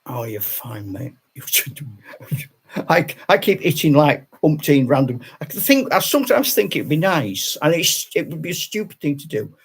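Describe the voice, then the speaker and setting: A man's voice: on the high side, very animated, measured pace, husky. An older retired man, a channel host, chatting casually on a live stream, rambling with restarts and laughing often.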